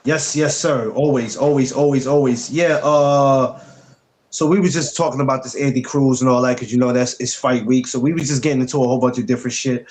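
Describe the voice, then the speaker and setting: A man's voice: mid-range voice, fairly even intonation, a little fast, darkish tone. A man hosting a casual podcast livestream, easygoing, laughing a lot and greeting viewers. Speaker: podcast host.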